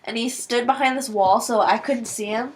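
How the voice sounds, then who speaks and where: A woman's voice: a little high, moderate pace. A young woman chiming in animatedly while her friend tells stories, casual and giggly. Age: young adult. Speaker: co-host friend. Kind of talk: casual chat.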